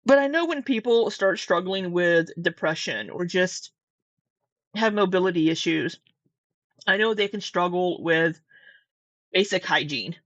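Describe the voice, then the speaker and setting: Her voice sits on the low side, with lively intonation, a measured pace and long pauses. She's a commentary vlogger from Southwest Missouri with a Midwestern accent, rambling casually through reactions at her desk at home with swearing and restarts. Recorded dry and muffled on a close camera mic.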